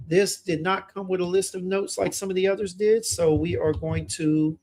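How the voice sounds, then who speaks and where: A man's voice: high-pitched, fairly even intonation, normal speed, a little mellow. A young man hosting a fragrance livestream, chatting casually and reading viewer comments aloud in a laid-back way.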